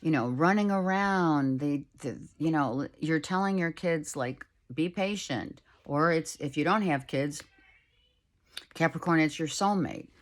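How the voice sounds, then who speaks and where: A middle-aged woman giving a casual tarot reading at home, talking softly and rambling, with many fillers. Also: sits low, measured pace. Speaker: tarot reader. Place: home, with a child heard in the background.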